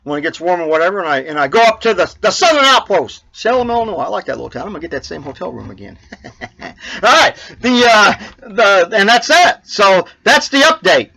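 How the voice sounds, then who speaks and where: A man with a high, bright voice rambles through a casual update on his own trucker show. He stops and restarts often, with lots of fillers and chuckles along the way. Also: very animated, brisk, creaky, low-quality recording. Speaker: trucker podcast host.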